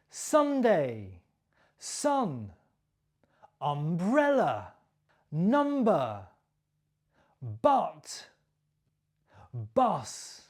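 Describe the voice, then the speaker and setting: A woman teaching English pronunciation, modelling sounds and sentences slowly and clearly for learners to repeat, with encouraging praise. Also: on the low side, a little mellow. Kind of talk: slow, clearly articulated pronunciation lesson.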